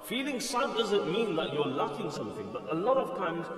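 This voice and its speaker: Heard from a distance in an echoey hall with faint music, a man preaches an Islamic lecture. He explains in English and rattles off classical Arabic text with emphatic repetition. His voice sits high, swings widely in pitch and moves at a moderate pace.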